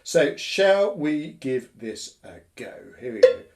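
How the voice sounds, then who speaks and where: A man's voice: a little high, lively intonation, takes it slowly, heavy background noise. A man hosting a live online drumming workshop from home on a webcam, chatty and cheerful, counting rhythms aloud. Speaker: workshop facilitator and host. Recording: drums heard behind.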